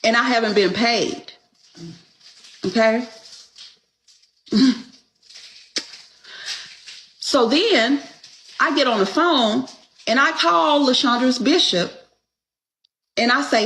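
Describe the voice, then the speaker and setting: Slow-talking, blunt storytelling woman. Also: a little high, expressive, fairly bright tone, slight background noise. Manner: blunt, exasperated, swears freely. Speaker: podcast host. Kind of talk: casual storytelling chat.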